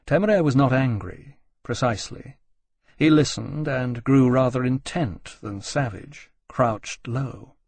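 A man narrating a novel in a measured, even reading. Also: medium pitch, gravelly, husky, no echo, clean studio sound. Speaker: audiobook narrator. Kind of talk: scripted narration.

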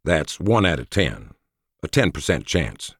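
A seasoned male warrior who talks plainly about the odds of battle, put on by a man reading an audiobook. The voice is lifted a little above a very low, husky base, with a lively pitch. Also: unhurried, no room sound, clean studio sound, exaggerated voice. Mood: somber. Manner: talkative, plain-spoken. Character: veteran male warrior, matter-of-fact. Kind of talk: audiobook character voice.

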